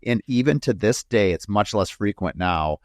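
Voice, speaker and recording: A man from the northern United States hosting an interview podcast in a low voice. He tells rambling stories full of asides and fillers. The sound is dry and close. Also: expressive, normal speed, a little mellow, no room sound. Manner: rambling storyteller, frequent asides. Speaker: podcast host and home builder. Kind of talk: casual interview chat.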